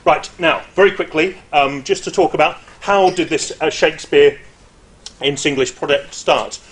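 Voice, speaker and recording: In a lively, conversational way, a middle-aged university lecturer presents academic work informally, punctuated by hesitations and asides. His pitch is fairly high and his pace moderate.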